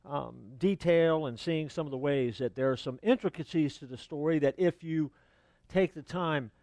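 In church, a male pastor preaches in a relaxed, conversational style full of fillers and asides, at a moderate pace. His voice is higher than most men's. The sound is close and dry, without room echo.

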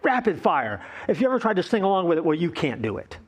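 A male pastor preaching a playful, animated sermon, acting out the voices of complaining people. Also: sits high, fast, breathy edge.

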